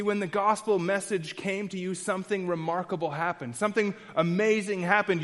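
A man's voice: sits high, in a large hall. A man preaching an expository sermon in an earnest, emphatic way, repeating key phrases and restarting often.

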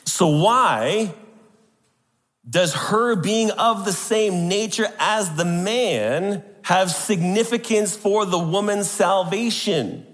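Emphatic male preacher in a reverberant hall. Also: high-pitched. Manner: emphatic, rhetorical questions to the congregation. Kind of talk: sermon.

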